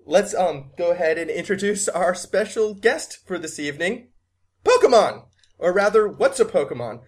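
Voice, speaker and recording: A man's voice: sits high, expressive, moderate pace, husky. Hammy American man hosting a podcast. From USA. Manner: playful, hammy and self-mocking. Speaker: podcast host. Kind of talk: casual podcast chat.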